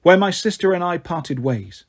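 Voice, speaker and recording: A man's voice: high voice, very animated, normal speed, slightly rough, exaggerated voice. A man voicing an icy warrior queen. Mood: cold. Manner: icy, commanding. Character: proud exiled woman warrior queen, cold.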